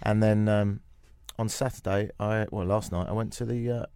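A man's voice: lowish voice, fairly even intonation, moderate pace, dark tone, clear, resonant tone, dry recording, clean studio sound. A young man hosting a radio show, joking and riffing in casual chat. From England. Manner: jokey, playful, riffing.

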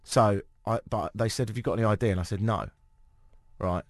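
A man's voice: lowish voice, fairly quick, slight background noise. A British man hosting a radio talk show, telling a self-mocking story with acted-out quotes in a casual chat. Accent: British English. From Britain.

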